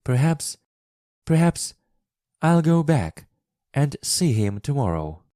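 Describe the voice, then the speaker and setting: A man voicing an angry, bossy little girl in a storybook reading for English learners, with a sharp, scolding manner. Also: medium pitch, very animated, slow pace, no room sound, clean studio sound, voice pushed up. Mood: defiant.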